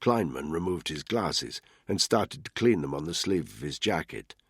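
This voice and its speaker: A deep, husky male voice narrates a thriller audiobook in a steady, even storytelling style at a moderate pace. The sound is close and dry, booth-like, with no echo.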